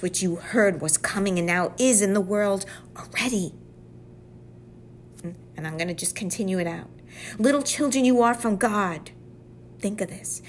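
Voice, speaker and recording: A woman's voice: medium pitch, a little hiss or hum. A woman giving a devotional Bible teaching. She speaks earnestly and often drops to a whisper for emphasis.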